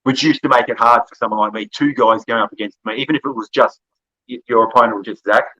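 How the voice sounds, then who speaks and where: An Australian-accented man appears as a podcast guest in casual conversation, telling long, rambling stories, laughing often and correcting himself. His mid-range voice holds a steady tone but comes out fast, bright and forceful. The sound is lo-fi.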